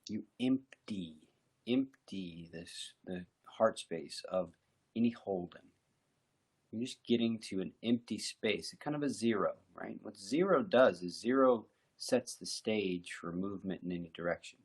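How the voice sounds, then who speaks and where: Husky, gravelly man, lowish voice, guided mindfulness talk, slow and reflective. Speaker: meditation teacher.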